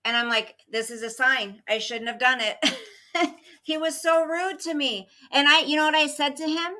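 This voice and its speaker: A woman's voice: high voice, fairly even intonation, normal speed, sharp tone. A middle-aged woman hosting a casual livestream, rambling through a story and greeting viewers by name as they arrive. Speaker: livestream host chatting with viewers.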